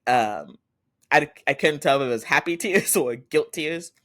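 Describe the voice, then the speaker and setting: A man's voice: a little high, expressive, a little slow, fairly bright tone. A man hosting a podcast, giving a chatty casual recap and quoting characters in his own voice. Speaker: podcast host.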